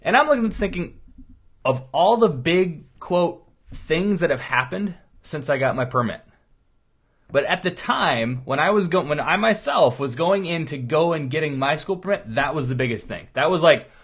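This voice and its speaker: Middle-aged chiropractor, man, slightly high voice; earnest, rambling motivational monologue. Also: expressive, normal speed, fairly bright tone, slightly rough. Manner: earnest, rambling conversational storytelling.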